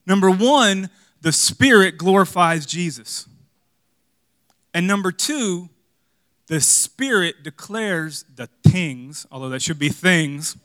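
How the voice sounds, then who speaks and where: Bright-voiced man preaching a dynamic sermon. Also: sits high, animated, slow pace, no room sound, clean studio sound. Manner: dynamic preaching, swings from loud emphasis to hushed asides; conversational, jokes and rhetorical questions. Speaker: pastor.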